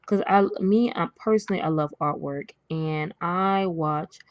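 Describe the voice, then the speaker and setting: Low-voiced woman doing a chatty tarot reading. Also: unhurried, no room sound, muffled recording. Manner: chatty and rambling, with many fillers and apologies. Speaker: tarot reader. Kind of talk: casual spoken tarot reading. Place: indoors at a table with cards. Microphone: camera mic, face not shown.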